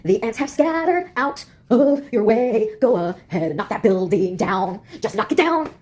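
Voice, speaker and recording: A woman's voice: on the high side, animated, moderate pace, darkish tone. A woman voicing an unhinged female villain who taunts and goads a giant, swearing and breaking into singsong. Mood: taunting. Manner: erratic, swearing, singsong outbursts.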